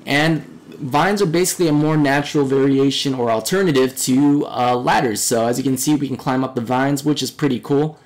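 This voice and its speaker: A young man narrating a casual game walkthrough in a chatty, relaxed way, his voice a little hoarse and fading. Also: medium pitch, a little fast. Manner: chatty, relaxed, with fillers and upbeat remarks. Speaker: game reviewer.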